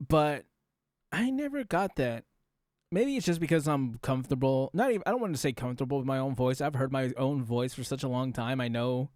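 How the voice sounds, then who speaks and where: A man's voice: medium pitch, lively intonation, brisk, darkish tone, dry recording, clean studio sound. A man streaming a casual reaction commentary, rambling and talking straight to his chat while demonstrating voice tricks.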